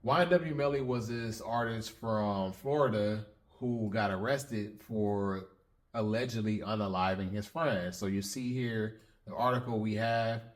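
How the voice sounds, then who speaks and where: Guy with a lowish voice breaking down lyrics, casual and methodical, lots of restarts. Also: a little slow. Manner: methodical, explains step by step with frequent restarts. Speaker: host of a lyric breakdown channel. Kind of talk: casual explanatory commentary.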